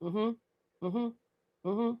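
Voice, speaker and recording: A woman hosts a live reality-TV review stream on her webcam, ranting at her viewers in an animated, blunt and sassy way and speaking to them directly. Her mid-range voice draws out words, and the sound is lo-fi.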